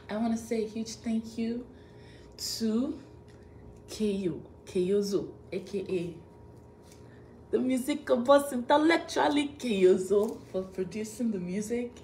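A woman on a live stream, thanking fans over and over, laughing often and drawing out slow thank-yous. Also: mid-range voice, darkish tone, slight background noise. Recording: echoey room with faint ambience.

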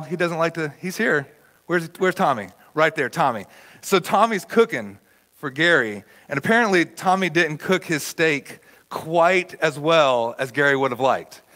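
Male pastor, slightly high voice, conversational sermon with shouted peaks, church setting. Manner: conversational, animated storytelling with sudden shouts. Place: church auditorium.

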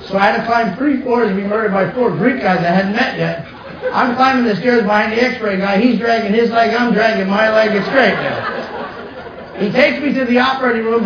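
On stage before a live crowd, a New Jersey comic with a fairly high voice delivers a brash stand-up set full of stories and punchy asides. The sound is muffled, echoey and distant, with a hum in the background.

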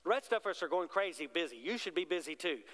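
A man's sermon, delivered in a high, light voice. He keeps it conversational and keeps asking the congregation questions. The sound has the long reverb of a large church sanctuary. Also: lively intonation, fast talker, a bit bright. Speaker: pastor.

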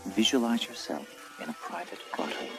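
A deep, soothing cartoon relaxation-tape narrator. He speaks slowly and softly. Gentle music lies under him. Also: expressive. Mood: calm. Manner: slow, hushed and soothing.

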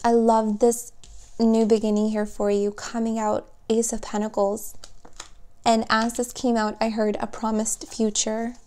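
A woman giving a spoken tarot reading, gentle and emotional, speaking softly and warmly to her viewers. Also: a little high, flat delivery. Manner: slow, soft, gentle and emotional. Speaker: tarot reader.

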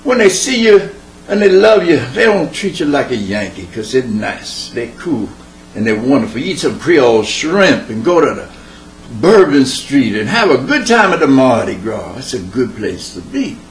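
A man's voice: mid-range voice, big pitch swings, moderate pace. A male comedian giving a playful, chatty stand-up monologue, in an echoey room with a faint hum.

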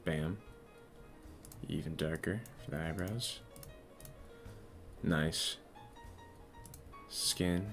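A man's voice: a bass voice, extremely slow, pauses often, a bit bright, faint music behind. A man hosting a live stream, chatting casually and playfully with viewers while he works. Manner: playful, teasing, talks to chat while working.

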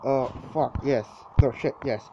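A man's voice: mid-range voice, measured pace. A young man commentating his own gameplay in a casual, jittery way, exclaiming often and repeating himself. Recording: dull lo-fi mic with clear background noise.

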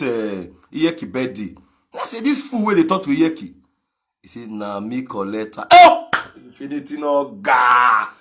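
Mocking high-voiced Nigerian Pidgin man. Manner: mocking, laughs often, breaks into shouts. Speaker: social media commentator. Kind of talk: ranting live video gist.

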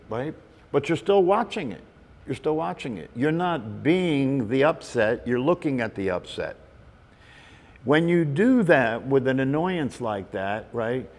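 A man in a hall with a long reverb tail leads a meditation talk in a conversational way. He keeps checking in with his listeners as he explains the practice, at a middle pitch. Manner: conversational, repeats "right?" and "you know". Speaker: meditation teacher. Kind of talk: spiritual talk to a group.

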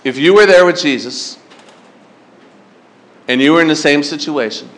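High-pitched male pastor, animated storyteller, preaching to teens. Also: moderate pace. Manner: animated storytelling, acts out his younger self; asks the crowd questions. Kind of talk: sermon to teen campers.

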